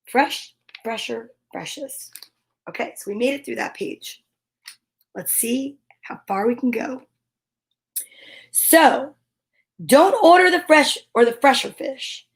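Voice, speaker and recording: A woman's voice: high-pitched, animated, measured pace, long pauses. A woman comedian reading a rhyming children's book aloud, breaking off into nervous, whispered asides. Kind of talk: comic read-aloud with asides.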